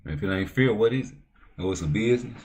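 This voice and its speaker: A man with a low, deep voice hosts a casual livestream. He talks in loose, profane, slang-heavy banter and keeps pushing into heated, loud outbursts. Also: lively intonation, fast. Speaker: livestream host.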